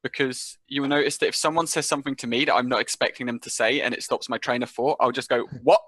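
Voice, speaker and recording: A man moderating a game, making brisk announcements and chatting in a matter-of-fact way. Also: medium pitch, steady tone, bright, forceful tone, dry recording. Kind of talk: casual chat and game announcements.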